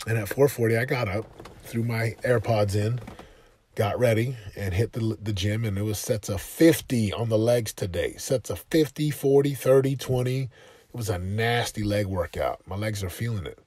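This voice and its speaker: A man's voice: lowish voice, moderate pace, darkish tone, slightly rough, dry recording. A man hosting a motivational talk, speaking in an emphatic, repetitive, exhorting way to his listeners. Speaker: motivational podcast host. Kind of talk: motivational monologue.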